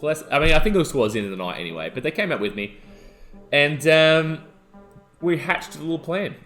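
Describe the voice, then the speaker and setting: A young adult man, co-hosting a podcast and telling a wild story in excitable casual chat. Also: fairly high pitch, brisk, faint music behind. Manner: animated, excitable storytelling, yelling out quoted lines. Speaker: podcast co-host.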